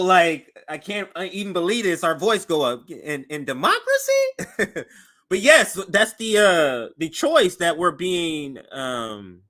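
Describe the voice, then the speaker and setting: A man hosting a show, giving animated political commentary as he reacts to news clips. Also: fairly high pitch. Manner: animated and conversational, voice jumps up for emphasis.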